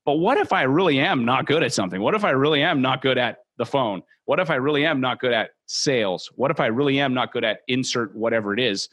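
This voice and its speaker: A man talks at a brisk clip, earnest and encouraging as a training host. He speaks straight to his listeners. His voice sits at a middle pitch. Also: fairly bright tone. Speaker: host and mortgage brokerage trainer. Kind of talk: motivational training talk.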